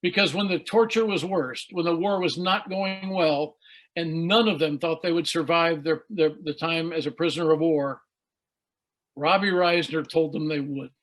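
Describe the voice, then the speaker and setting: A man's voice: on the high side, fairly even intonation, normal speed, a bit bright, rough recording. Earnest older man telling stories on a call. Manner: earnest storytelling, emotional at times. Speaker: guest speaker. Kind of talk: leadership talk on a video call. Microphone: video call.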